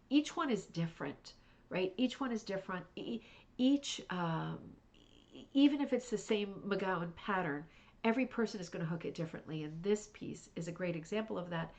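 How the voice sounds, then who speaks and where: A woman's voice: medium pitch, darkish tone. A middle-aged woman hosting a craft club livestream, chatting casually and gushing with praise, with many fillers and restarts. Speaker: host of a rug hooking club livestream.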